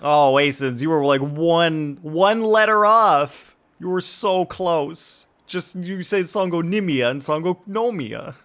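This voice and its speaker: A man's voice: on the high side, takes it slowly, hardly any pauses, fairly bright tone. A man streaming a game, chatting and joking playfully with his viewers. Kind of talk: casual livestream chat.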